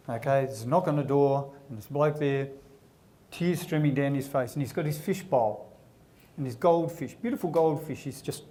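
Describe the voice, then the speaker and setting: A man's voice: fairly high pitch, warm tone. A male guest comedian telling jokes as a chatty storyteller who acts out the characters. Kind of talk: joke telling.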